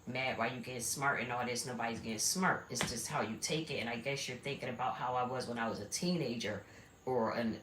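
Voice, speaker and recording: Very low-voiced woman telling a story. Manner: blunt, repetitive, conversational. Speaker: live streamer. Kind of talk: rambling personal storytelling. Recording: echoey room with steady background noise.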